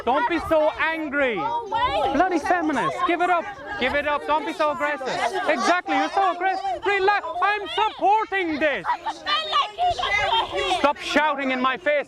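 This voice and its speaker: Mocking man in a loud crowd. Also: extremely high pitch. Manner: mocking, defensive, keeps telling others to relax. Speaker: passerby confronted at a street protest. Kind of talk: heated street argument. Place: outdoors on a busy street. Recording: loud crowd noise outdoors.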